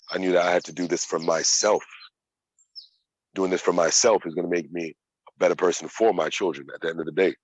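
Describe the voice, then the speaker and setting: Man, 30s, low voice, dry close mic, candid and profane storyteller. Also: no room sound, highs cut off. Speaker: yoga practitioner sharing his story. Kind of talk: casual personal storytelling.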